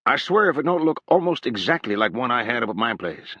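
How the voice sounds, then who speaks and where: A man voicing a stern older rural hog owner from who speaks in a slow, dry drawl. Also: medium pitch, very animated, sharp tone, no room sound, dull audio, pitched above the performer's own voice. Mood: dry shrewd.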